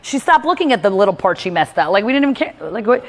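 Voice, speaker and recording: Lively woman host giving a motivational talk, voice ringing with long reverb. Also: mid-range voice, fast. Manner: animated, acts out quotes from others.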